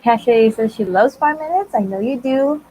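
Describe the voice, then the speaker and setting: A woman's voice: a little high, lively intonation, normal speed, warm tone, slight background noise, poor audio. Bubbly woman hosting a writing livestream. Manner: bubbly, greets viewers by name. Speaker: livestream host. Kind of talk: casual livestream chat.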